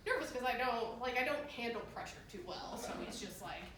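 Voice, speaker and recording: A woman's voice: on the high side, animated, fairly quick, fairly bright tone, a little hiss or hum. A woman telling a comedic true story live on stage, self-deprecating and laughing through it. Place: theater stage. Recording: echoey live room from far off.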